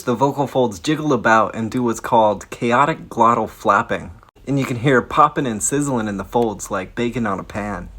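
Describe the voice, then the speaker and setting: A man speaking with vocal fry in a blunt, casual educational explainer, swearing now and then. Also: medium pitch, a bit bright. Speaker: science video creator.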